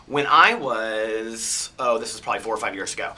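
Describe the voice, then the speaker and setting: A man from the US Midwest with a soft, effeminate, twangy Midwestern American voice, talking in a candid, reflective personal vlog monologue. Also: lowish voice, expressive, moderate pace. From Chicago, US Midwest. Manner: reflective and candid, chatty storytelling. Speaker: vlogger.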